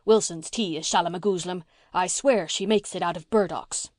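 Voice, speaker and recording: A woman voicing a blustering, gruff old farmer man in an audiobook, bossy and teasing, repeating himself as he talks. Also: lowish voice, normal speed, darkish tone, dry recording, studio quality, close to an everyday voice. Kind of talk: audiobook reading.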